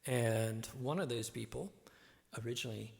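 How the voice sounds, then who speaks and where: Gravelly-voiced host, echoey reverb. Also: male voice, medium pitch, normal speed, darkish tone. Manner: rambling, with many fillers. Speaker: host and musician. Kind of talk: live-stream show chat. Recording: reverb-heavy echoey audio.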